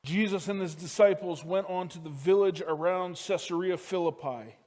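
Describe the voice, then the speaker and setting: A man who is a pastor, preaching a sermon that moves from loud emphasis down to hushed, quiet lines as he tells a family story. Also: high voice, moderate pace.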